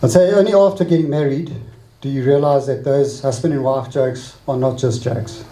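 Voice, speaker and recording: A middle-aged man, the bride's father, giving a wedding speech with a joke and a short poem, in a relaxed storytelling way. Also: mid-range voice, takes it slowly, long pauses, roomy sound, rough recording. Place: wedding reception hall.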